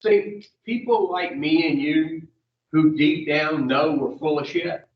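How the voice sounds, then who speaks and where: This man leads a recovery group for addiction, speaking slowly in a fairly high pitch. His teaching is blunt and laced with profanity as he throws questions at the people listening. A distant mic picks him up in a flat, echoing room.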